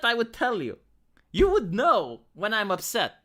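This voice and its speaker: A man's voice: sits high, wildly swooping pitch, normal speed, pushed and bright. A young man chatting bluntly with his live-stream chat, swearing often as he answers comments.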